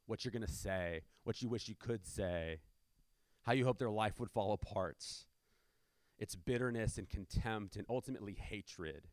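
A man's voice: medium pitch, no echo. Male pastor, conversational sermon delivery, rhetorical asides, dry recording.

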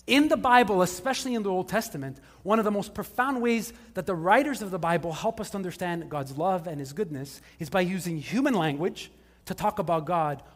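Male pastor, high voice, chatty sermon with quick jokes to the congregation, big reverberant hall. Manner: casual, joking asides with the congregation. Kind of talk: conversational sermon. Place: church service before a live congregation.

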